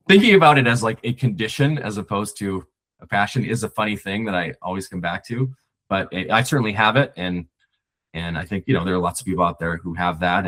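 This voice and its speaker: A man's voice: sits low, a bit bright. A man talking as a podcast guest, a screenwriter, reflective and rambling with many restarts. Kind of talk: casual conversation.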